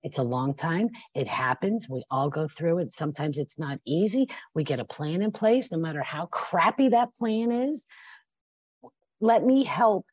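A woman's voice: mid-range voice, a little mellow, dry recording, lo-fi sound. A woman in her fifties speaking as a podcast guest, passionate and emotional, sometimes teary and laughing. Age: 50s. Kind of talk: podcast interview.

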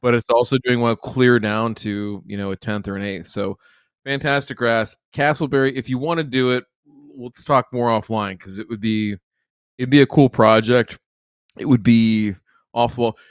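A man hosting a casual lawn care chat, enthusiastic and quick to joke. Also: medium pitch, fairly even intonation, clear, resonant tone, no echo, studio quality. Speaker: podcast host.

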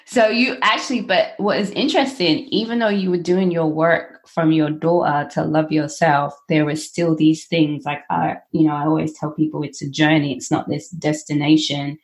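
A woman hosting an interview, lively and easily amused as she reacts to her guest. Her voice sits a little low for a woman. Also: normal speed, few pauses. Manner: animated, laughing easily, warm agreement. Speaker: interviewer, host. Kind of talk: candid conversational interview.

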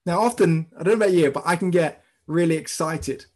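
A man preaching a sermon as pastor, telling a story in a lively way and speaking directly to his congregation. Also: fairly high pitch, a little fast. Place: church service streamed online.

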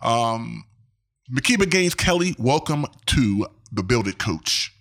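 A man in his forties hosts a podcast with an upbeat, emphatic delivery. He repeats key words for effect and keeps the tone lively and engaging. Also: mid-range voice, slow. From Maryland, US. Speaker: podcast host. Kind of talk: podcast intro and interview.

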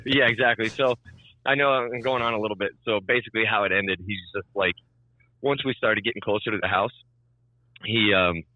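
A man's voice: on the low side, fairly even intonation, brisk, no room sound, dull audio. A young man telling a story in casual chat, swearing freely and acting out both sides of the conversation. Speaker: storyteller on a podcast.

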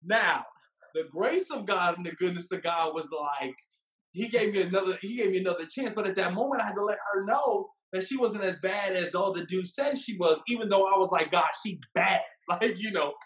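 Man, casual storyteller, animated, acts out quotes, high voice, roomy echo. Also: fairly quick. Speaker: guest telling his love story.

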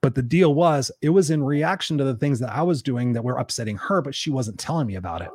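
On this livestream, a middle-aged male host talks about relationships with earnest emphasis, raising his voice whenever he quotes viewer comments aloud. His medium-pitched voice is expressive, fast, darkish and slightly rough. The sound is studio quality, with no room sound.

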